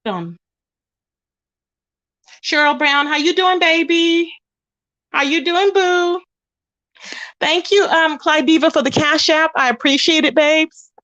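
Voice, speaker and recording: Young woman livestreaming off her phone, high voice, dry close sound, gossipy and chatty, aave. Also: takes it slowly, pauses often, fairly bright tone, no room sound, highs cut off. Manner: chatty, greets viewers with pet names. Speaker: livestream host.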